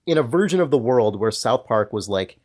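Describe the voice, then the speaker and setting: A man's voice: medium pitch, animated, a little fast, darkish tone. A man co-hosting a podcast in casual discussion, thinking aloud in long, hedged sentences full of filler words. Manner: thoughtful, hedging, many filler likes. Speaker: podcast co-host.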